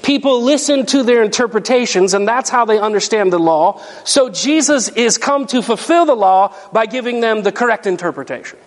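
High-voiced man preaching in a reverberant hall. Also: normal speed, few pauses. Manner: animated, emphatic preaching with rhetorical questions. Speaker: pastor. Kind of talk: sermon.

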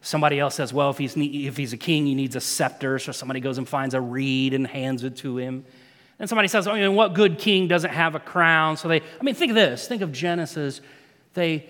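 A man with a somewhat high voice preaches a sermon in a church sanctuary, his words trailing off into a long hall reverb. He tells the story with animated swings, dropping to a hush and then rising to emphatic peaks.

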